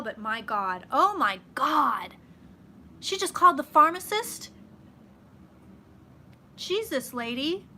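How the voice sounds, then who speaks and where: A woman chatting casually with her viewers on a live stream, swearing freely and swinging loud and soft as she talks. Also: on the high side, slight background noise. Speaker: psychic vlogger hosting a live stream.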